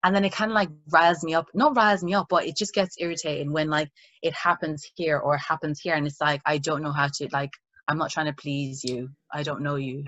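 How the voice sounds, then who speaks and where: A woman's voice: low-pitched, fairly even intonation, brisk, few pauses, a bit bright, no room sound. A young woman from Ireland with a mixed Irish accent that has American touches. She chats casually and acts out the people she quotes. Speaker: guest, actress. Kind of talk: casual conversation. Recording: muffled dull sound.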